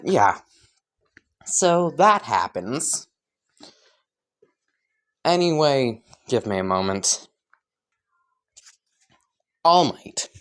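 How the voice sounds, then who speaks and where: A man's voice: medium pitch, a bit bright. A man casually improvising and rambling through a fan story, full of fillers and side comments. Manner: rambling, giggly, lots of "like".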